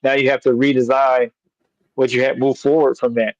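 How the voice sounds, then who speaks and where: A coach talks basketball in a casual, halting way, often restarting his sentences. His voice is a mid-pitched male voice. The sound is dry and slightly dull, like a lo-fi mic. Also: flat delivery, no room sound. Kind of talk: casual sports talk.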